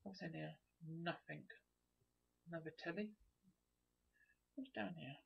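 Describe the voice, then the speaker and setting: A gamer giving chatty, excitable let's play commentary, thinking aloud as they explore. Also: medium pitch, measured pace, creaky, husky. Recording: dull lo-fi recording.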